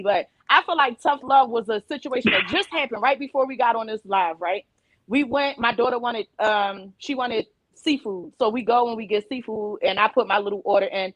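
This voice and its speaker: A woman's voice: fairly high pitch, fairly quick, no echo, poor audio. Storytelling mother on a panel, dry close sound. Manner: animated storyteller who acts out quoted dialogue. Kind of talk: casual panel discussion.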